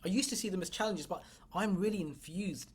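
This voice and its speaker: A woman's voice: fairly low pitch, a little fast, husky. A woman business coach giving a motivational livestream talk, blunt and emphatic, swearing freely and speaking straight to her viewers. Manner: blunt and profane, emphatic, addresses viewers directly.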